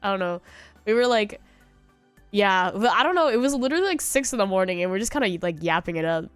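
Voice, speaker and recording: Young female streamer, casual rambling chat, smooth tone, dry mic. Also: mid-range voice, animated, fast, no echo, faint music behind. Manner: rambling storytelling with laughs and quoted voices.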